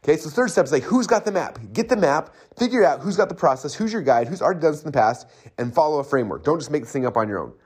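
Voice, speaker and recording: Fast-talking man giving motivational advice. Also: fairly high pitch, breathy edge. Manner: fast, emphatic, many fillers and rhetorical "right?"; grows animated and exclamatory. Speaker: entrepreneur and coach sharing advice. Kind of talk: motivational talk to camera.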